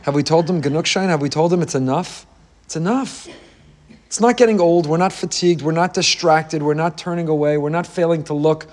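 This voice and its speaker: The speaker is a rabbi whose fairly high, slightly mellow voice moves briskly through a fervent sermon on the weekly Torah portion. He leans on a repeated rhetorical cadence.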